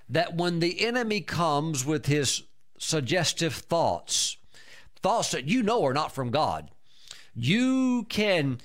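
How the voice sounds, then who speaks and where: A male pastor delivering a fervent sermon, his voice swinging widely between low, measured stretches and high, urgent bursts. He speaks with emphatic, animated conviction and punctuates points with repeated exclamations. His tone sits slightly higher than most men's.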